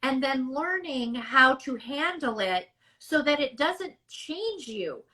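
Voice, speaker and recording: A middle-aged woman speech therapist giving measured, emphatic explanations in a podcast interview. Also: high-pitched, animated, bright, forceful tone, low-quality recording.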